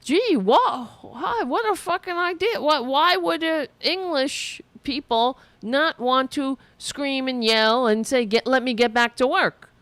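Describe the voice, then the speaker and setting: A woman's voice: high-pitched, unhurried, few pauses, a bit bright, dry recording. A woman hosting a political commentary show, delivering a profane, sarcastic, heated rant.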